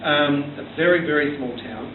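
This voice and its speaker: A man's voice: on the high side, normal speed, reverberant. A man from South Australia with an Australian accent doing his first stand-up set, full of ums and restarts, telling dry stories. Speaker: first-time stand-up comedian. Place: small comedy bar stage. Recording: tinny distant room recording with hum.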